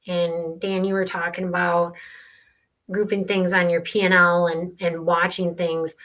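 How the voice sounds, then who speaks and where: Woman earnestly explaining tax on a podcast. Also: medium pitch. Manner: explains earnestly with client stories. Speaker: sales tax consultant guest. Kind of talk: podcast conversation.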